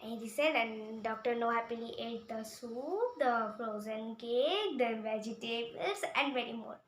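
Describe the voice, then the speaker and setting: Halting woman retelling a story. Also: on the high side. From India. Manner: halting, repeating words. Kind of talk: retelling a picture book. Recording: echoey room with faint hum.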